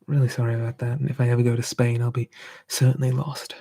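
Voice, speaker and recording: Brief: a man for a whispered ASMR live stream, soft, relaxed, husky whisper. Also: medium pitch, quick pace. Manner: soft unvoiced whisper, relaxed, answering chat.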